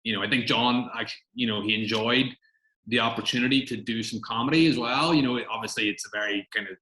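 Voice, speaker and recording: A man's voice: medium pitch, quick pace, pushed and bright, roomy sound, low-quality recording. A man, a film director answering interview questions in a chatty, rambling way with many fillers.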